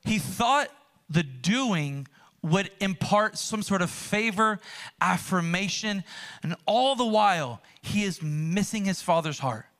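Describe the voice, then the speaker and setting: A male pastor preaching a sermon in a conversational, animated way. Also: high voice, slow.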